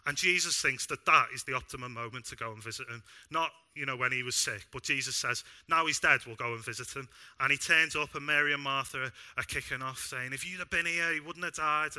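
A young man preaching a sermon in a church, animated and self-deprecating with bits of humor. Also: mid-range voice. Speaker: pastor.

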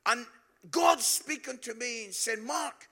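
Bright-voiced Scottish preacher man. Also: very high-pitched, takes it slowly, breathy edge. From Scotland. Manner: chatty, with frequent "yeah?" tags and asides. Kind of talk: humorous storytelling sermon.

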